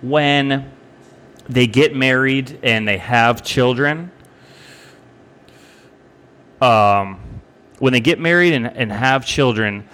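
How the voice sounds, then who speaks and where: A man's voice: mid-range voice, takes it slowly, fairly bright tone. A young man co-hosting a podcast, talking casually in a rambling, profane way with many restarts. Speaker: podcast co-host. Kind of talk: casual chat.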